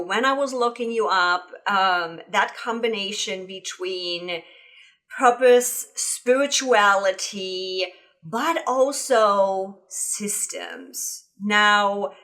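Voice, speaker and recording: A woman's voice: mid-range voice, a bit bright. A woman in her fifties hosting a podcast interview, chatty and self-deprecating, drifting into little asides. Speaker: podcast host.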